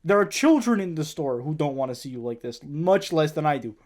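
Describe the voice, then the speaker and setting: A man co-hosting a casual podcast, telling work stories with quick laughs, swearing, and acted-out dialogue. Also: a little high, warm tone. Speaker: podcast co-host. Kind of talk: casual chat.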